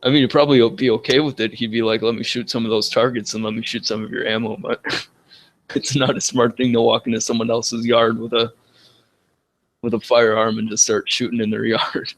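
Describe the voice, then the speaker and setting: A man's voice: medium pitch, level tone, fairly quick. A young man chatting casually in a voice chat, laughing often as he talks.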